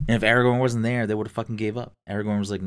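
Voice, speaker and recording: A man with a very low, deep voice talking in a loose, casual podcast chat. He is enthusiastic and swears constantly, with lots of filler words between his points. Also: flat delivery, racing, smooth.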